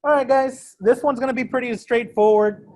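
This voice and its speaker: A man with a very high, steady, slightly mellow voice teaches a math class at a moderate pace. He's casual and self-deprecating, joking around and repeatedly quizzing students, some in the classroom and some joining by video call.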